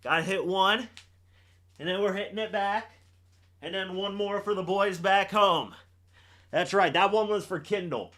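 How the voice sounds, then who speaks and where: A young man hosts a live game reaction stream, calling each play. His voice sits a little high and bright, and his pitch swings widely as he teases the players and shouts on the big plays.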